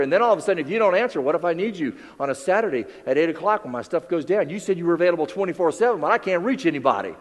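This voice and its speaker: A man giving a keynote speech as a motivational speaker, telling stories with lively acted-out dialogue. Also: on the high side, very fast, hardly any pauses, in a large hall. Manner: animated storyteller, acts out dialogue. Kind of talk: keynote speech to a live audience.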